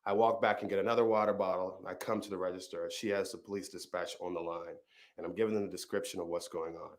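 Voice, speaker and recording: A man's voice: low-pitched, fairly even intonation, fast. A man, a comedian and storyteller, telling a personal story and then chatting casually in an interview. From Arizona. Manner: vivid storyteller, acts out the people he quotes.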